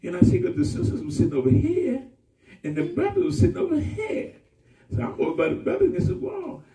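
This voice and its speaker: A male pastor giving a testimony sermon, telling his story with animated shouts and laughter. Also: very high-pitched, fairly quick, gravelly. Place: church hall with congregation. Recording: echoey room, far from mic.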